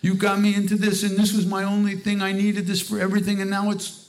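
A man voicing an agitated wandering male ascetic who shouts in a shrill, frantic way. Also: completely flat delivery, fast talker. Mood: furious.

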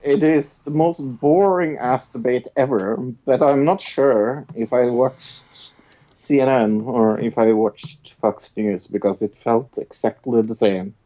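A man's voice: mid-range voice, unhurried, warm tone. A man from Norway with a Norwegian accent, co-hosting a podcast in casual chat, blunt, laughing often and swearing. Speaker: podcast co-host. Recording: dull lo-fi sound.

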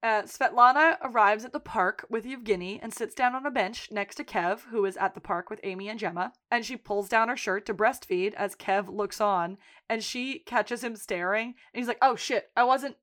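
A woman's voice: medium pitch, moderate pace, few pauses, a bit bright. A woman co-hosting a podcast, casually recapping a TV episode and acting out the characters' lines, with plenty of swearing. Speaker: podcast co-host.

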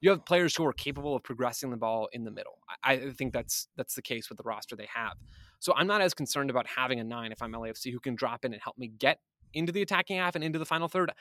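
A man's voice: medium pitch, animated, quick pace, bright, forceful tone, no room sound. Dry-voiced man analysing soccer tactics. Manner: thoughtful, speculative, restarts often. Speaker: guest analyst. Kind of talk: casual podcast analysis.

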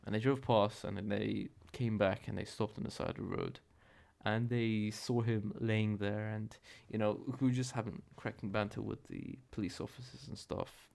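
A man's voice: lowish voice, fairly even intonation, moderate pace, gravelly, darkish tone. A young man hosting a podcast, telling a story in a rambling, profane, self-correcting way. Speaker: podcast host. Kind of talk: casual solo podcast storytelling.

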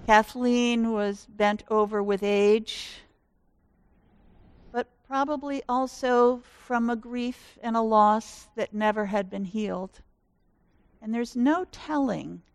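Slow, measured woman pastor. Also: mid-range voice, fairly even intonation, clean tone, no echo. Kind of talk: sermon.

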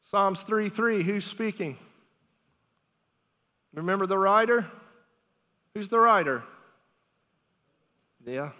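A middle-aged male pastor preaching a lively, conversational sermon, asking the congregation questions and laughing often. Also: high voice, slow, long pauses. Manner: animated, conversational preaching with big swings in loudness. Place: church sanctuary. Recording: long reverb of a church hall.

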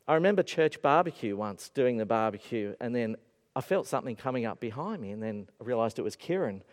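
A male preacher giving an animated, storytelling sermon in a church. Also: medium pitch, fairly quick. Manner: animated storytelling with acted-out voices. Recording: echoey hall.

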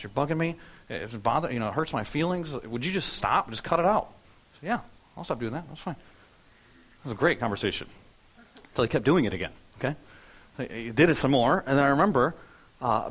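A male pastor delivers a sermon at a quick clip, and his voice sits at an ordinary middle pitch. He preaches in a conversational, storytelling way and acts out the things he said and thought back then. The voice is recorded in a church sanctuary. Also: poor audio. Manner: conversational storytelling preaching, acting out his own past words.

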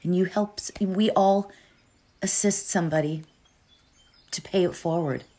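A woman's voice: lowish voice, unhurried, warm tone. A woman giving an earnest, emotional talk before a guided meditation, often asking "right?".

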